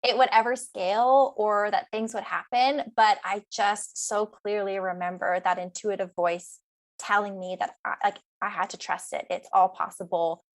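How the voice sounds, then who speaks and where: A young adult woman, a guest coach on a podcast, telling her story in an earnest, flowing way. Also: medium pitch. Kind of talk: podcast interview.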